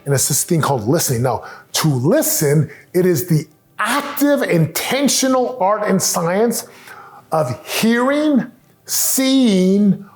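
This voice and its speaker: A middle-aged man with a fairly high voice delivers an earnest motivational talk on family life. He speaks with emphasis and slips into acted-out quotes. Soft music plays underneath. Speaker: speaker giving family advice.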